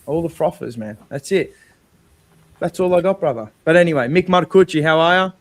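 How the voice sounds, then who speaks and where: Reading chat and taking callers, an Australian fan channel host runs a live post-game stream full of blunt, sarcastic, profane banter. He speaks briskly in a slightly high, expressive voice, and the recording is dry.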